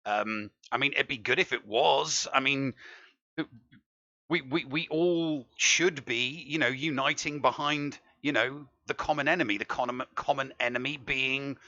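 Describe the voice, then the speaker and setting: Gravelly, bright-voiced podcast host. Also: male voice, mid-range voice, unhurried, no room sound. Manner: joking, playful banter. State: a bit tipsy. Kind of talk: casual podcast chat. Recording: dry, dull lo-fi sound.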